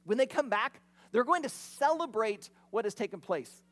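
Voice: medium pitch, animated, normal speed, a bit bright. A pastor preaching a sermon in a conversational, storytelling way.

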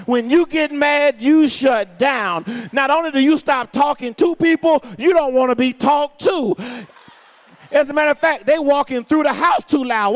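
High-voiced pastor preaching to a congregation. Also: male voice. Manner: preacherly, swings between shouts and low asides, storytelling. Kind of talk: sermon. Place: church sanctuary with congregation.

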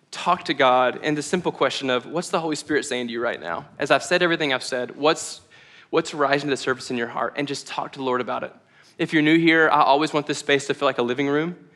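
A young pastor delivers a casual, candid, conversational sermon, often laughing at himself. His voice is on the high side, a bit bright, and a little fast.

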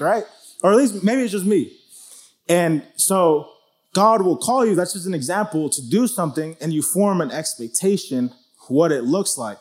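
A man teaching through a Bible passage in a relaxed, conversational way, with lots of "like" and "you know". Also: sits high. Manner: conversational, full of "like" and "you know", acts out quotes.

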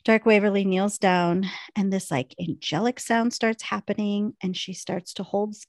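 A woman's voice: mid-range voice, normal speed, dry recording, clean studio sound. A middle-aged woman chatting casually as a podcast co-host, retelling scenes with acted-out lines. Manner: animated retelling, acts out lines. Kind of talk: casual chat recapping a TV episode.

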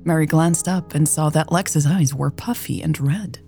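A woman narrating a romance story in a calm, gentle and intimate reading. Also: sits low, moderate pace, faint music behind.

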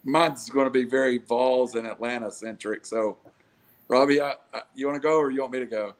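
A man's voice: medium pitch, steady tone, fairly quick. A man co-hosts a casual sports podcast in a mid-range voice. He stammers and repeats words as he chimes in. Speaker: podcast co-host.

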